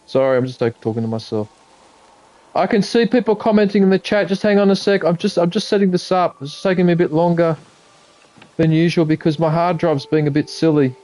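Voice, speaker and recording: A man's voice: on the high side, fast talker, darkish tone, dry recording. A man chatting casually on a live game stream, muttering to himself and swearing when frustrated. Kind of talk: casual live-stream chat while gaming.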